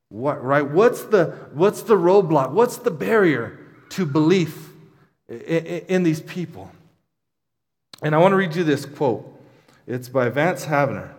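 High-voiced man preaching in a reverberant hall. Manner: animated preaching with many restarts and asides. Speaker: pastor. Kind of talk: sermon.

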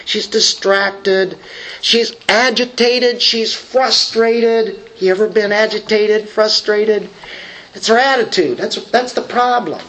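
A man preaches a sermon conversationally, drawing out key words for emphasis and drifting into asides, with frequent fillers and restarts. His voice is high and a bit bright, and the recording is muffled.

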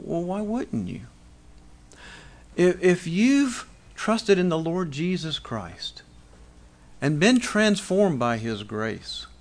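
A middle-aged pastor preaching a conversational sermon, asking rhetorical questions and restarting phrases as he goes. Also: sits high.

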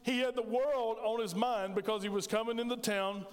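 A middle-aged man preaches to his congregation, his voice pitched notably high. He tells stories with animation and banters with the people in the pews. The sound carries a long reverb from the sanctuary. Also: normal speed. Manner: storytelling, animated, jokes with congregation. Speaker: pastor. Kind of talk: sermon.

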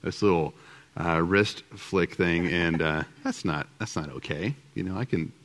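A man's voice: sits low, a little slow, fairly bright tone. A middle-aged man teaching a group about marriage alongside his wife, talking casually and self-deprecatingly with many fillers and restarts. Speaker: husband co-presenting with his wife.

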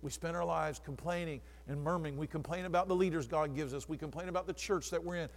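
High-voiced preaching man in a reverberant hall. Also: steady tone, fast, vocal fry. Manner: addresses congregants by name, swings from hushed to shouting. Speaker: pastor. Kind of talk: sermon.

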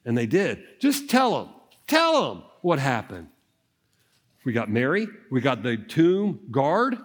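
A man preaching an Easter sermon, acting out the scenes of the story as he tells it, at times dropping soft and low. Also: wildly swooping pitch, slow. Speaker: pastor.

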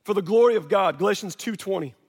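A man's voice: high voice, fast, darkish tone, breathy edge. A male pastor preaching a sermon in a church, in a passionate, conversational way with lots of casual fillers. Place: church sanctuary. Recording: reverberant hall sound.

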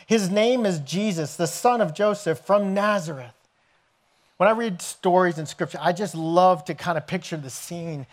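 A man preaching a sermon as pastor, telling scripture stories in an animated way and acting out the scenes. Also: high voice, normal speed. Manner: animated storytelling, acts out scenes with raised voice.

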